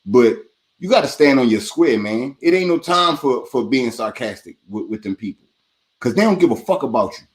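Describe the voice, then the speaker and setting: A man's voice: medium pitch, lively intonation, moderate pace. Heated man ranting about boxing. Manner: heated, emphatic, ends phrases with "man". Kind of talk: casual boxing talk.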